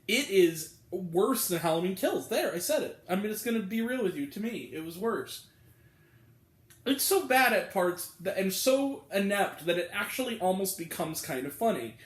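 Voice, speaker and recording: A man's voice: high-pitched, sing-song, normal speed, echoey room. A man giving a casual, exasperated spoken film review, rambling with lots of fillers. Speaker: movie reviewer.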